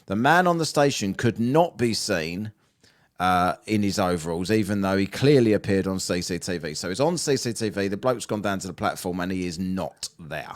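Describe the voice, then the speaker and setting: Man, lively pitch, teasing banter, stumbling reading aloud. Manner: banters and teases, reads haltingly. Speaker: podcast co-host. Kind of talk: casual chat reading ghost stories.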